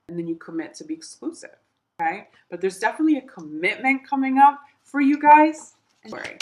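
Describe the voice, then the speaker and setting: A woman giving a tarot reading, chatty and reassuring, talking straight to her viewers with emphatic repeats. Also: medium pitch. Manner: animated, with laughs and emphatic repeats. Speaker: tarot reader.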